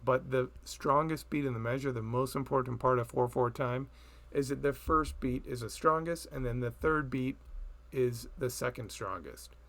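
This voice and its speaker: A man teaching a recorded music theory lesson, explaining slowly and chanting beat patterns aloud. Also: medium pitch, fairly bright tone.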